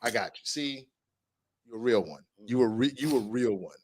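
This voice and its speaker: A man's voice: medium pitch, moderate pace, a little hiss or hum. A man co-hosting a comedy podcast, telling profane stories with lots of laughter. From USA. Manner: animated, laughing, profane storytelling. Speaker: podcast co-host. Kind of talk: casual comedic chat.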